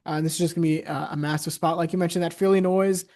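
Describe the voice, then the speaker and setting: Young man, co-host, flat delivery, slightly high voice, frequent fillers. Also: rapid-fire. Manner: steady, many "uh" and "you know" fillers. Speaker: podcast co-host. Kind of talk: casual sports chat.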